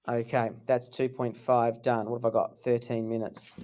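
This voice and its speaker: A man's voice: mid-range voice, level tone, normal speed, mellow. A man teaching a live maths lesson in a classroom, talking in a casual, joking way.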